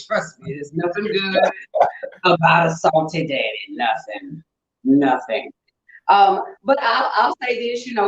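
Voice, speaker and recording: A middle-aged woman with a St. Louis accent, co-hosting a casual chat and telling playful, animated stories. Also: fairly low pitch, echoey room, lo-fi sound. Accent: St. Louis, Midwestern US. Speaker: co-host.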